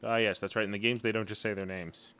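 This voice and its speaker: A man's voice: fairly low pitch, little pitch movement, fast, sharp tone, smooth. A man live-streaming a video game, chatting casually and humming to himself as he plays. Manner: chatty, hums to himself while playing.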